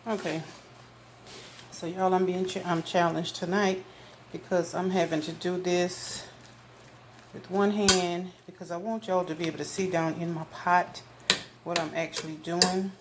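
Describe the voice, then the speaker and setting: A woman's voice: on the low side, flat delivery, measured pace. A woman, chatting folksily to viewers as she demonstrates a recipe in her small home kitchen, filming it herself. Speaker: cooking channel host. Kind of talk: casual cooking demonstration. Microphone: camera mic, filming alone. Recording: echoey kitchen with background noise.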